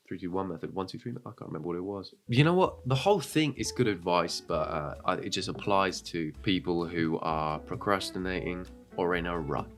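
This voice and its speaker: A man hosting a reaction video, cracking sarcastic, crude jokes in casual commentary into a desk microphone. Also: low-pitched. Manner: sarcastic, crude joking asides.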